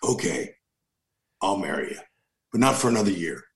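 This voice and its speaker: A doubtful, wary young woman, as a man puts her on, quoted in a spoken anecdote. She is pitched well below the teller's usual voice, and her tone is hesitant and skeptical. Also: big pitch swings, normal speed, roomy sound. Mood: teasing. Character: skeptical young woman, the speaker's future wife.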